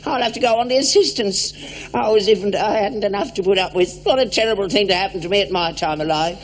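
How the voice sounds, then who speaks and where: A man's voice: high-pitched, fast, natural voice, poor audio. An actor playing a grumpy selfish old father. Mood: grumbling. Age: older. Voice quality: wheedling, cockney-dropped speech. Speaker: actor in a sitcom. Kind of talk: 1960s sitcom acting.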